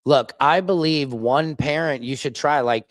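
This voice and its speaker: A man's voice: fairly high pitch, a little slow, dry recording. Rambling man streaming from a dry studio. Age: adult, father of children. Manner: rambling, digressive, mocking impressions. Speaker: streamer, independent commentator. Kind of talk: casual livestream commentary. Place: home studio.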